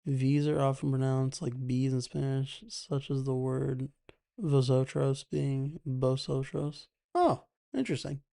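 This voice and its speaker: A man's voice: mid-range voice, a little slow, creaky, mellow. A young man hosting an election night live stream, chatting casually, thinking aloud and reading out viewers' comments.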